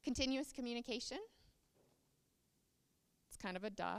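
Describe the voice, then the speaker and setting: Woman, conference presenter, smooth resonant voice, echoing hall. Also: fairly high pitch, moderate pace, fairly bright tone. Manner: explanatory, reads aloud from notes.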